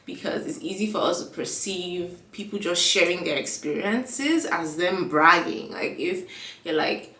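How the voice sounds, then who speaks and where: A woman's voice: fairly low pitch, moderate pace, gravelly, sharp tone, far from the mic. A young woman vlogging in a casual chat with a stuffy nose and a frog in her throat, full of fillers and acted-out dialogue. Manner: chatty, lots of fillers, acts out quoted dialogue. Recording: echoey room, away from the mic.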